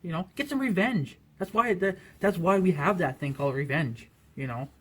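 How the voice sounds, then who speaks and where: A man with a fairly high voice delivers a heated rant straight to camera as a vlogger. He swears constantly and circles back to "you know" again and again. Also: normal speed, a bit bright. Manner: profane and heated, filler-heavy with repeated "you know". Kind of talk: angry political rant to camera.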